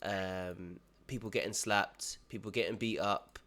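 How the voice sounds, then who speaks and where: A man's voice: fairly low pitch, steady tone, a little slow, a bit bright. Slangy young man, bro after everything. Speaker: commentator. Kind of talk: casual reaction commentary.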